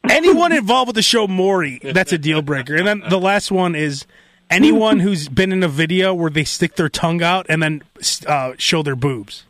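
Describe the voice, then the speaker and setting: Radio host, man, lively storyteller who acts out quotes, high voice, dry close mic. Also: moderate pace, no echo. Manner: animated, mimics people in quotes. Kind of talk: casual storytelling chat. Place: radio studio.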